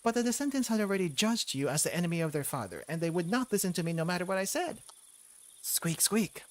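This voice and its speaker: A man doing a formal squeaking mouse count. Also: lively intonation, fast, dry recording. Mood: solemn. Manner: stiff old-fashioned formal speech punctuated by squeaks. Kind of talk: reading game dialogue aloud in character.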